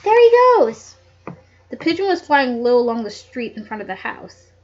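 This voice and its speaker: Woman reading a kids mystery out loud, kinda high voice, giggly side comments, dull home mic. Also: lively intonation, brisk. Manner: giggly, chatty asides. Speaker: audiobook reader. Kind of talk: casual read-aloud with asides.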